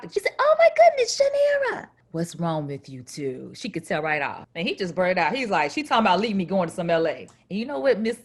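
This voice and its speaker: A woman from Chicago, a guest telling a personal story in a lively way and acting out other people's voices. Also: mid-range voice. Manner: animated, acts out voices of others.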